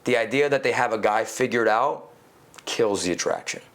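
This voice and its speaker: A man talking as a podcast guest in casual conversation, animated and swearing casually, peppering his talk with "you know". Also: lowish voice, normal speed. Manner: animated, acts out quoted inner voices.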